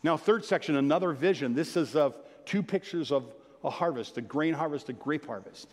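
A man preaching a sermon, reading scripture and telling playful stories with sudden loud bursts of excitement. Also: fairly high pitch, moderate pace. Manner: animated, playful storytelling with sudden loud outbursts. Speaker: pastor. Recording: long hall reverb.

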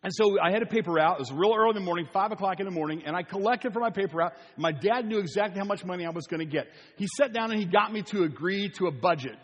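Older man, pastor, earnest sermon, pleading repetition, fairly high voice, husky. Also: fast, few pauses, big-room sound. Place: church sanctuary.

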